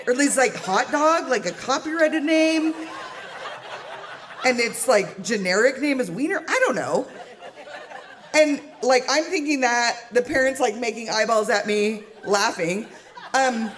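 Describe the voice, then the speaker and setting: A woman's voice: high-pitched, a bit bright, a little hiss or hum. A middle-aged woman from the Pacific Northwest, telling a comic true story on stage, chatty and laughing as she acts out the quotes. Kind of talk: live comedic storytelling.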